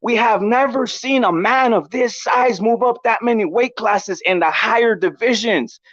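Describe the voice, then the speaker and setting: A man hosting a boxing commentary vlog, ranting provocatively, repeating himself and giving chat shout-outs. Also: very high voice, moderate pace, no echo, dull audio. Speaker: boxing commentary channel host.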